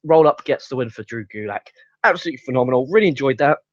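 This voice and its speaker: A man's voice: medium pitch, expressive, fast, no echo. A young man reviewing a wrestling show, recapping matches play by play and ranting with heavy swearing. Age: young adult. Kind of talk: casual review monologue. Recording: dull lo-fi sound.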